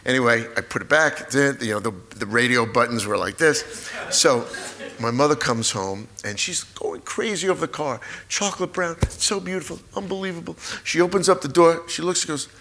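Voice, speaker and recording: A man in his sixties, a guest author in a live stage conversation, telling family stories with lively acted-out moments. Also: mid-range voice, moderate pace. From United States. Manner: animated storyteller, acts out family scenes. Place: auditorium stage before an audience.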